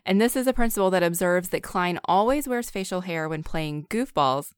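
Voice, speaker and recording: Woman co-host, lowish voice, measured and explanatory, dry close sound. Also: lively intonation, clear, resonant tone, no room sound. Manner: measured, explains trivia to the others. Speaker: podcast co-host. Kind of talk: casual film discussion.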